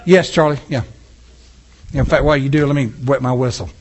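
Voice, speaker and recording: A man's voice: medium pitch, fairly quick, husky. A man preaching a sermon as pastor in his church, impassioned and talking back and forth with his congregation.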